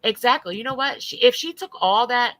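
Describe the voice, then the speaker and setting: A woman's voice: a little high, lively intonation, brisk, a bit bright, dry recording, rough recording. Blunt, profane woman ranting on a livestream.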